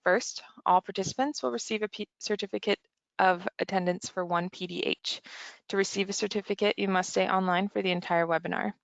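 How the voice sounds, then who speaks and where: Gravelly woman reading webinar logistics. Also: medium pitch, steady tone, brisk, no room sound. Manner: reads from a script, businesslike. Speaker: event manager and moderator. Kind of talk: scripted webinar introduction.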